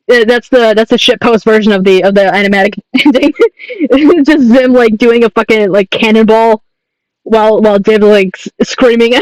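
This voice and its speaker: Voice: medium pitch, unhurried, long pauses, a little mellow, dry recording, rough recording. A young adult artist chatting casually on a livestream while drawing, rambling, laughing often and swearing.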